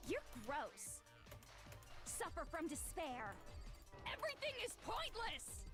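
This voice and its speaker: A woman's voice: extremely high pitch, wildly swooping pitch, takes it slowly, heavily acted. An actress voicing a bratty teenage villain girl in a video game, with a sing-song, taunting, childish delivery. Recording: game audio with music behind.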